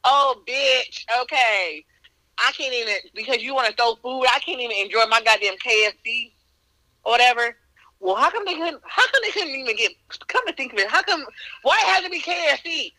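A woman with a Northern US accent co-hosting a podcast, talking in a blunt, profane, animated way. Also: sits high, a little fast, no echo, low-quality recording. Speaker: podcast co-host. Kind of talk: casual chat.

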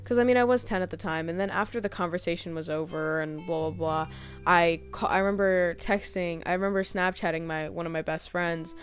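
A woman's voice: lowish voice, fairly even intonation, fairly quick, soft background music. A young woman hosting a podcast, telling a personal story in a rambling, hesitant way, full of fillers. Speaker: podcast host.

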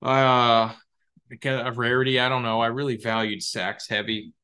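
A young man hosting a podcast, talking casually about his fantasy football league in a rambling, excitable and profane way. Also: medium pitch, moderate pace. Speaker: podcast host.

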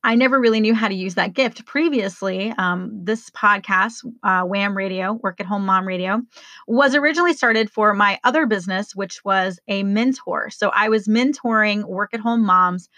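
A woman's voice: mid-range voice, a bit bright, no echo. A woman hosting her own podcast as a life coach, talking casually and enthusiastically to listeners. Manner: upbeat, enthusiastic, spells things out slowly.

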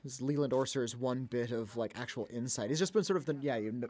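A man's voice: medium pitch, fast, darkish tone, a little hiss or hum. A man co-hosting a film podcast, chatting casually about a movie and often laughing as he talks.

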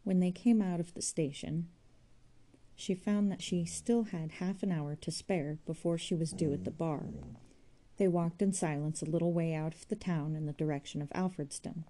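Low, dark-voiced woman narrator. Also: steady tone, moderate pace. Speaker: audiobook narrator. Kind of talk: scripted narration.

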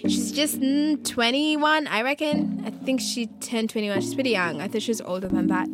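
Chatty young woman over loud music. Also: a little high. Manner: animated, slangy, quick asides. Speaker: vlogger. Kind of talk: casual story-time chat.

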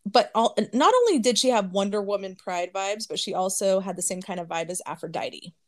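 A woman's voice: mid-range voice, animated, fairly quick. A woman co-hosting a podcast in casual chat, giggling often while she tells a story and reads her notes. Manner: giggly, chatty, lots of laughing. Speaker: podcast co-host.

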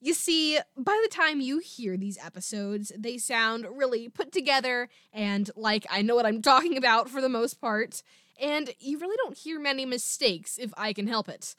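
A chatty woman hosting her own podcast in a relaxed, self-deprecating way. Her voice sits a little high and sounds close and dry, with no room echo. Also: moderate pace. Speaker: podcast host. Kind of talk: casual podcast chat.

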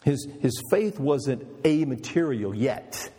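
A man's voice: medium pitch, expressive, slow, mellow, breathy edge, in a large hall. A male pastor preaching an emphatic, storytelling sermon with rhetorical questions.

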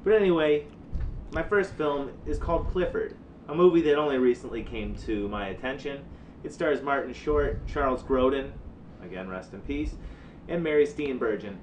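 A man co-hosting a podcast, chatting casually with dry jokes and halting fillers. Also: medium pitch, a little hiss or hum, low-quality recording. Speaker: podcast co-host. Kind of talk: casual chat.

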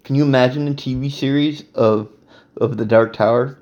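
A man's voice: medium pitch, fairly even intonation, moderate pace, darkish tone, dull audio. A man hosting a solo podcast, rambling in a crude, casual way and laughing often. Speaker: podcast host.

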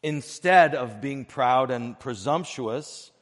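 A man preaching a sermon as pastor of a church, earnest and measured, breaking his phrases with pauses and swinging between soft and loud. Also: medium pitch, in a large hall. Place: church sanctuary.

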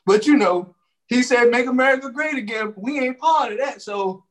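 A man with a strikingly high voice, talking fast and hot. He swears freely and gets more animated as he goes, in loose, casual talk-show commentary. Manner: heated, profane, animated. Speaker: podcast co-host.

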